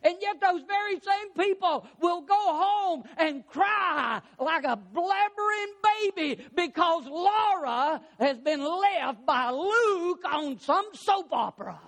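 A pastor preaching a sermon, fervent and rising to shouts, putting questions to the congregation. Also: male voice, extremely high pitch, expressive, slow pace, hardly any pauses.

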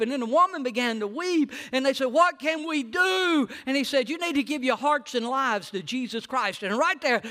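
A man preaching a sermon. He swings between hushed, low lines and loud, high-pitched preaching. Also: long reverb tail.

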